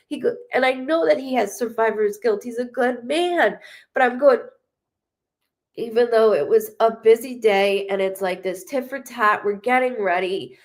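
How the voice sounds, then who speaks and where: During a live-stream psychic reading, this medium speaks in a slightly high voice. She rambles haltingly, restarting often, and comes across as emotional and blunt, with plenty of swearing.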